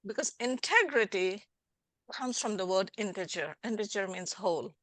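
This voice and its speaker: A woman's voice: mid-range voice, lively intonation, moderate pace, a bit bright, no room sound. A middle-aged woman hosting a podcast as a life coach, talking animatedly and acting out little scenes in dialogue. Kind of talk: casual interview chat.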